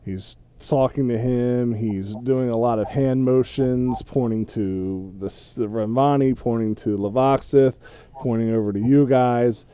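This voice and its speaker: A man narrating a tabletop role-playing game as game master, describing scenes in an unhurried way with pauses. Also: mid-range voice, mellow, clean tone. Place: home setup, streamed.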